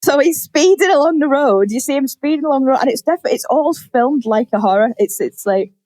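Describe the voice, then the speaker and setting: Animated woman telling a story. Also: sits high, no echo. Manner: animated storytelling, quick acted-out quotes, frequent swearing. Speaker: podcast co-host. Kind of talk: casual chat.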